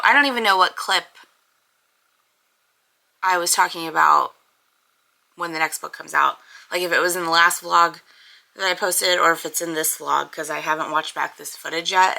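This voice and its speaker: A woman's voice: on the low side, creaky, sharp tone, poor audio. A young woman chatting casually to camera as a book vlogger, rambling with lots of fillers. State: congested, with a cough.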